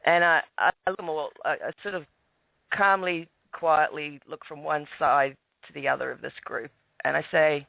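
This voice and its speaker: An Australian man telling a long personal story calmly on a call-in radio show, with many restarts. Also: on the high side, normal speed, creaky, no echo. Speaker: guest telling his story. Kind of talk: casual radio call-in chat. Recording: tinny phone line, dry.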